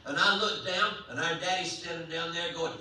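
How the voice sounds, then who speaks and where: A man telling a comic story aloud at a live event, in an animated, folksy way, heard from far off in a large hall. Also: fairly high pitch. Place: large hall at a residential campus. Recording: echoey hall, voice from far off, faint hum.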